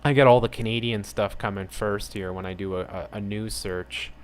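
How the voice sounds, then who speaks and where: A man with a slightly low voice delivers a heated commentary on the news. He reads headlines aloud and answers them with sarcasm and open indignation. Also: fairly even intonation, normal speed, clear, resonant tone. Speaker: channel host.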